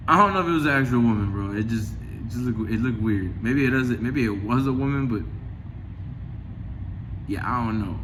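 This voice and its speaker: Over background noise, a man who hosts religious videos talks casually about scripture and his life at a moderate pace, his voice mid-range. His commentary rambles with frequent restarts, mixes in scripture reading, and at times he reenacts conversations in a raised voice.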